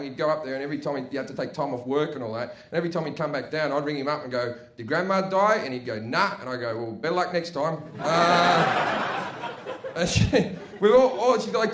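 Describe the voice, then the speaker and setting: A man's voice: on the high side, fairly bright tone. A man with an Australian accent doing a brash, profane stand-up comedy set, chatty and full of tag questions, live on stage at a comedy venue. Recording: echoey noisy live room.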